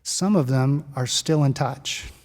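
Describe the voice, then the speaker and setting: A man preaching a sermon as pastor, telling stories in a conversational, lively way. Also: medium pitch, slow pace. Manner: storytelling, conversational and animated. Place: church sanctuary. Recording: long church reverb.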